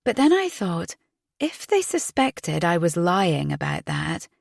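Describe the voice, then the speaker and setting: A woman's voice: on the low side, very animated, measured pace, gravelly, darkish tone, no room sound, clean studio sound. A young woman narrating an audiobook thriller in the first person, with a tense, inward telling. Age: young adult.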